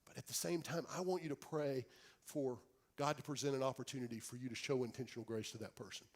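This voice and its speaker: A man's voice: mid-range voice, steady tone, fast. Earnest man preaching a sermon. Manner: earnest, pleading, drops to soft quiet tones for emphasis. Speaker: pastor.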